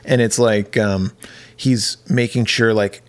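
A man's voice: on the low side, fairly even intonation, takes it slowly. Man, podcast co-host, casual movie recap, acts out characters' lines.

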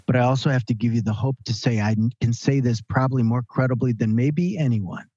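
A man guest on a podcast interview, telling stories in an animated, emphatic, conversational way. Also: medium pitch, fairly quick, slightly rough, no room sound, lo-fi sound. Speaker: guest, author and speaker.

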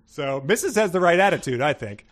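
A man's voice: on the high side, lively intonation, fairly quick. Rambling male podcast co-host. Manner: rambling, filler-heavy explaining. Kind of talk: casual chat.

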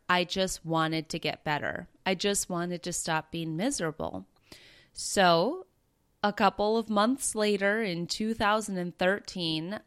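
A woman's voice: lowish voice, fairly bright tone, smooth. A woman in her thirties, hosting a podcast and earnestly telling a personal story in a conversational way. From Minnesota, USA. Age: 30s. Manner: earnest, conversational, with quoted dialogue. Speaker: podcast host and breathwork facilitator.

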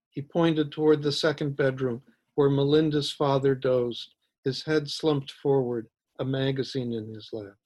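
A male author reading his own short story aloud in a measured, even way. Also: mid-range voice.

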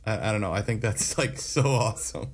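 Laid-back Midwestern man on a podcast. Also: lowish voice. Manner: laid-back, says "dude", quick agreeing replies. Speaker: podcast co-host. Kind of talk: casual chat.

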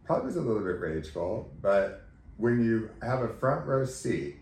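A man guest on a podcast, candidly telling a personal story in an emotional, animated way and acting out quoted dialogue. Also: on the low side, normal speed. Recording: roomy echo, faint background noise.

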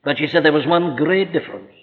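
A man preaching a sermon, emphatic and rhetorical, slowing down to quote scripture. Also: a little high, lively intonation. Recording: old lo-fi recording in a reverberant hall.

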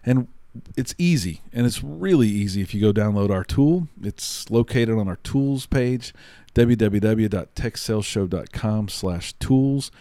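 A man's voice: fairly low pitch, animated, a little slow, dark tone, no room sound. A man co-hosting a podcast, giving punchy, motivational tips and repeating catchphrases. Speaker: podcast co-host. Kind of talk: casual podcast chat.

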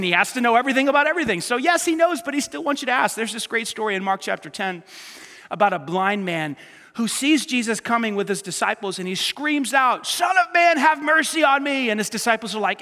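A male pastor preaching an animated, emphatic sermon to a congregation, acting out the people he quotes. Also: very high-pitched, brisk, in a large hall. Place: church auditorium with a live congregation.

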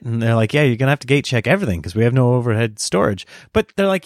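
A middle-aged man telling a casual anecdote, acting out other people's lines in high, jokey voices. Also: animated, fast, dry recording, clean studio sound. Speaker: storyteller.

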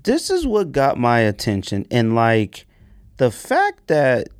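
A male podcast host in full rant mode, sarcastic and animated, his pitch leaping up high whenever he wants to stress a point. The sound is close and dry, with no room echo at all. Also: takes it slowly, smooth. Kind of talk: casual sneaker podcast rant.

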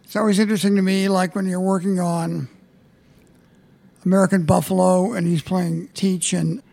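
A man with a notably high voice and a gravelly, fry-edged texture. He is a stage manager speaking as a guest on an interview show. His storytelling is dry, low-key and understated. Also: level tone, moderate pace, dark tone.

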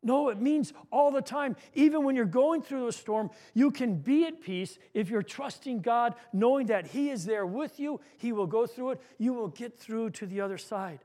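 A man's voice: very high-pitched, moderate pace, hardly any pauses, warm tone. A male pastor preaching an earnest sermon, repeating words as he goes and acting out a story.

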